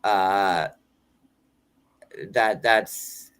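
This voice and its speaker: A man's voice: on the low side, steady tone, drawn-out words, a bit bright, clean tone. A man with a Long Island accent talks in a loose, rambling way. He fills his sentences with fillers as he chats casually on a live stream. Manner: rambling, many fillers, laughs, imitates accents. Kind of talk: casual chat.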